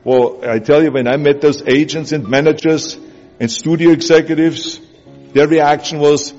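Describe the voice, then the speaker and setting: A man with a German accent delivers an insistent motivational speech, hammering home his points. His voice sits fairly high, and long reverb rolls around him as if he is speaking in a big hall. The sound is dull and muffled, with music playing underneath. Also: fairly even intonation, moderate pace, darkish tone. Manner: emphatic, repetitive, urging. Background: music bed.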